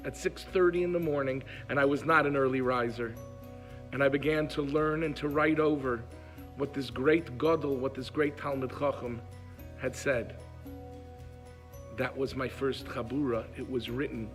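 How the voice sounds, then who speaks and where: A man's voice: mid-range voice, steady tone, moderate pace, soft background music. A man telling a moving story in an emotive way. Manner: emotive, acts out pleas in a raised voice. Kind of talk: heartfelt storytelling.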